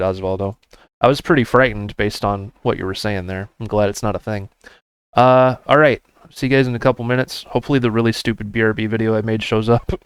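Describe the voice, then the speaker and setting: A man's voice: fairly low pitch, clean tone, no room sound. Chatty male game streamer. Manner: upbeat, chatty, talks to viewers. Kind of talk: casual live-stream chat.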